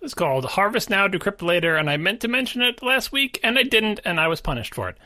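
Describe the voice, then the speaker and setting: A man co-hosting a podcast, talking casually about tech, emphatic, with his pitch jumping up on stressed words. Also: sing-song, fast talker, bright, forceful tone, no echo, studio quality. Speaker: podcast co-host.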